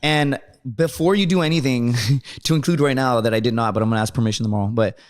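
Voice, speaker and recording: A man telling rambling, profane stories in casual podcast chat. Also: medium pitch. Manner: profane, rambling, fast storyteller. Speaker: guest. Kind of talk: casual storytelling.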